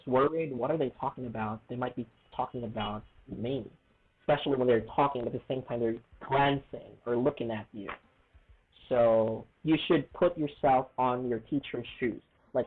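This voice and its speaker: A man's voice: medium pitch, slightly rough. A man teaching English in a casual video lesson, chatty and repetitive, often checking in with "okay?" and "right?". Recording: tinny phone-like sound.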